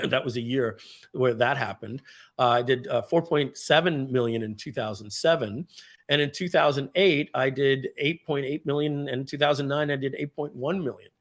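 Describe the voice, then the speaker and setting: A man giving a storytelling speech at a company event, animated and profane, with frequent throat clearing. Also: mid-range voice. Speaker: speaker at a company party.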